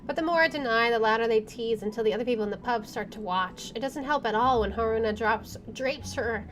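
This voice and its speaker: A woman's voice: a little high, brisk. A woman streamer reading a visual novel aloud, with wry asides and swearing. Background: game music.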